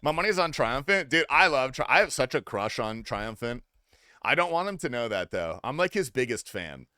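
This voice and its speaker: A young man on a gaming livestream, joking with chat in a loose, swear-laced way. His pitch jumps around expressively. The sound is dry and close to the mic. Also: very animated, moderate pace, sharp tone, no room sound. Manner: loose, profane, teasing banter with chat. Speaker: streamer. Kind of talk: casual gaming livestream commentary.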